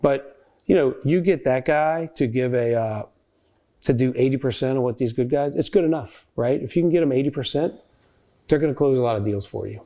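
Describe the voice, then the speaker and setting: A man's voice: medium pitch, fairly quick, dark tone. A middle-aged man, a company founder, talking casually as a podcast guest and often tagging his points with "right?". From United States. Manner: conversational, tag questions, fillers like "right?" and "like".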